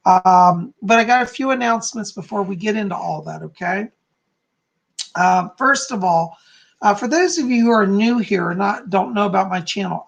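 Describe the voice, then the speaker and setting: A chatty man hosting a live stream, his voice carrying a gravelly edge. He talks casually and upbeat, calling out viewers' names and cheering them in. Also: high voice. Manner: chatty and upbeat, greeting viewers by name with frequent yays.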